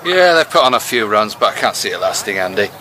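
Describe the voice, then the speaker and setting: An actor playing a brash, moaning cricketer abroad, full of cheeky banter. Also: male voice, lowish voice, sing-song, fast talker, pushed and bright. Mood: grumbling. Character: brash grumbling English cricketer abroad, male adult. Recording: street noise behind.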